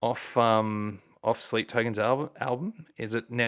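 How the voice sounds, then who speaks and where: A man with an Australian accent, a musician guest chatting casually and telling rambling, excited stories full of fillers. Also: medium pitch, unhurried. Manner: enthusiastic, rambling storyteller with many fillers. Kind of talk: casual chat.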